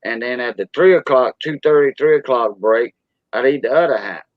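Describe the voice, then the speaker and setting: A man's voice: medium pitch, moderate pace, dry recording, highs cut off. A man with a South Louisiana Cajun accent hosting a casual live stream chat, rambling along with plenty of "you know" fillers. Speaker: stream host.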